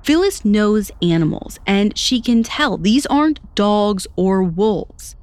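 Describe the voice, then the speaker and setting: A woman's voice: mid-range voice, lively intonation, slow, a little mellow, dry recording. A woman hosting a podcast, telling a story in scripted narration with conversational, lightly wry asides. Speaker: podcast host.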